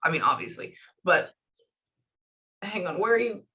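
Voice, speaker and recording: A woman, working as a medium in a casual session, relaying messages in quick chatty bursts. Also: fairly low pitch, expressive, pushed and bright, slightly rough, highs cut off. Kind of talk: casual reading session with clients.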